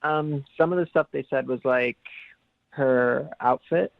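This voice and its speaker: A man's voice: mid-range voice, gravelly, dry recording. Hesitant young man on tinny phone. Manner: hesitant, halting, many fillers. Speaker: phone guest.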